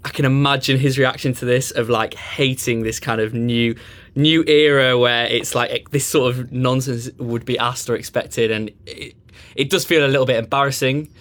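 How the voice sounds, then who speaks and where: A man's voice: mid-range voice, steady tone, normal speed, a bit bright. A man on a football panel in a studio, laid-back and self-mocking, often hedging what he says. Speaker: pundit guest. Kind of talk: casual football chat.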